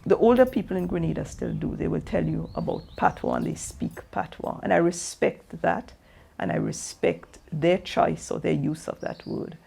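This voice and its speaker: Gravelly, husky-voiced author. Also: medium pitch, expressive, normal speed, warm tone. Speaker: author and researcher. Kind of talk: interview talk.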